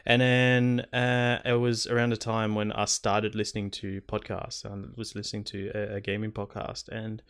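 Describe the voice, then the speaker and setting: Young podcast co-host, low voice. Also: male voice, completely flat delivery, moderate pace, hardly any pauses, fairly bright tone, smooth. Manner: reactive, sweary banter. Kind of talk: casual chat.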